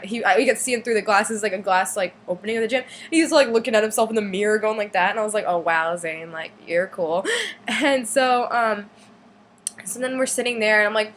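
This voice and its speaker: A teenage girl telling a long story in a casual vlog, excited and rambling, with many fillers. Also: medium pitch, a little hiss or hum. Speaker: vlogger.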